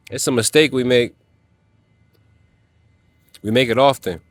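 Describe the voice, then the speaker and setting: A man's voice: medium pitch, steady tone, a little slow, long pauses, dry recording. A man giving a motivational talk to other men, emphatic and preachy, speaking in casual slang. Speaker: self-help vlogger.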